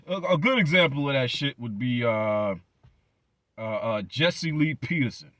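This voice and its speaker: A man's voice: mid-range voice, animated, measured pace, a bit bright, no room sound. A man hosting his channel, delivering a blunt, profane commentary rant full of emphatic repetition. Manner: blunt, emphatic, heavy swearing, repeated words. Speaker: channel host.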